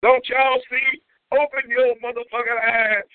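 A man hosting a call-in comedy show, ranting loudly and profanely with whooping shouts, heard over a tinny phone line. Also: high voice, normal speed, dry recording. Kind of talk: comedic call-in radio rant.

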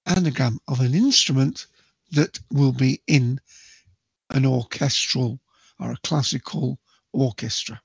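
A man hosting a solo podcast quiz in a chatty way, spelling out letters slowly and counting down to each answer. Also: medium pitch, gravelly, breathy edge, no room sound, muffled recording. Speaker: quiz host.

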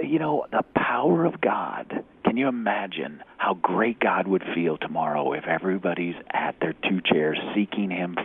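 A man, an executive recruiter, telling a faith story in an animated way, acting out the dialogue and dropping to a whisper at times. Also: on the low side, slightly rough. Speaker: executive recruiter, guest speaker. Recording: tinny phone-like radio audio.

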